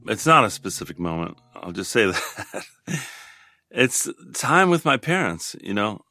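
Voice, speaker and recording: A man in his sixties talks things through slowly and openly as an interview guest, often stopping to restart a thought. His voice has a bright, forceful edge. The recording is dry and close. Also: fairly low pitch, very animated, no room sound, faint music behind. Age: 60s. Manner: thoughtful, halting, with frequent restarts. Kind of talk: reflective interview talk.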